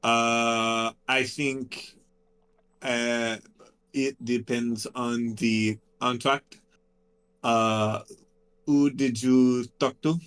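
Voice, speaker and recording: A man playing a tabletop game on a live stream, talking slowly with many pauses and fillers in a mock French accent. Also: medium pitch, level tone, a bit bright, clear, resonant tone. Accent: mock French put-on. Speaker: tabletop player. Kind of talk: in-character play on a live stream.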